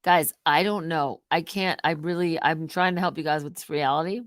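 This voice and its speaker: A middle-aged woman hosting a live stream, rambling casually and swinging between loud outbursts and muttered asides. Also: deep voice, fairly even intonation, moderate pace, dry recording, clean studio sound.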